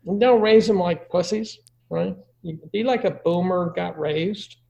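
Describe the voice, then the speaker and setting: Crude joking middle-aged man, gravelly. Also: high voice, a little slow, mellow, muffled recording. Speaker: guest giving parenting advice. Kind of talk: casual conversation.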